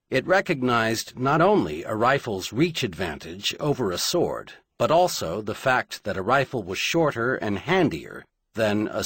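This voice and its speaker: A man narrating an audiobook in a dramatic, measured storytelling manner. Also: medium pitch, fairly bright tone, slightly rough, dry recording.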